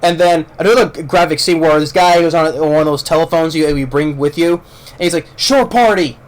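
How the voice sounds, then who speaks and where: A man with a somewhat high voice gives a loose spoken movie review. He rambles, restarts his sentences and repeats words as he goes, and he talks in a blunt, excited way with casual swearing. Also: brisk.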